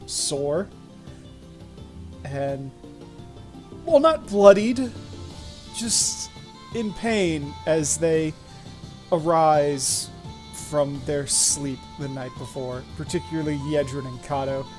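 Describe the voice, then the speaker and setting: A woman narrating a tabletop role-playing session as game master, laughing often in a relaxed, chatty way. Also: low-pitched, slow pace, long pauses, soft background music.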